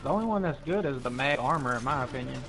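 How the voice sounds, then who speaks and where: Fast-talking blunt male gamer. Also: mid-range voice, expressive, a crowd in the background, rough recording. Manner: blunt, swears freely. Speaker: gamer on a stream. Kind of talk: casual chat while gaming.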